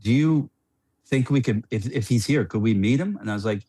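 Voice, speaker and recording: Middle-aged male guest, chatty storyteller, restarts and laughs a lot, mid-pitched, dry studio sound. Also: fairly quick, slightly rough, dry recording. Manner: rambling and animated, with frequent restarts and laughs. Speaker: podcast guest, former NBA player. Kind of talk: casual storytelling on a podcast.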